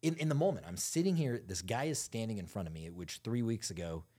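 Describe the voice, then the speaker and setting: Husky low-voiced man telling a story. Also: animated, fairly quick, mellow. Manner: profane, candid storytelling with acted quotes. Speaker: podcast co-host. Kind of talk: casual podcast chat.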